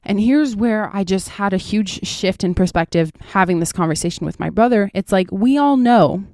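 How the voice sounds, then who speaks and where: A woman's voice: medium pitch, normal speed, darkish tone, no echo, studio quality. A young woman hosting her own podcast, chatting candidly and casually about spirituality and daily life, with lots of fillers and casual swearing. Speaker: podcast host.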